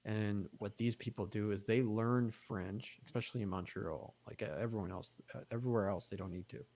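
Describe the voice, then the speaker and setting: A man with a low, gravelly voice talks on a podcast. He rambles loosely and chattily, piling on fillers as he tells his stories. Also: steady tone, fairly quick, a little mellow. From United States. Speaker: podcast guest. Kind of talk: casual podcast chat.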